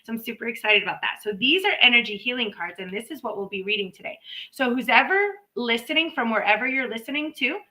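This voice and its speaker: A woman chats her way through a live reading stream in a loose, rambling manner, sprinkling in playful asides. Her voice is bright and clear and sits a little high. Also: expressive, fast, low-quality recording. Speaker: intuitive reader and host of a live stream. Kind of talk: casual live-stream talk. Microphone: live stream microphone.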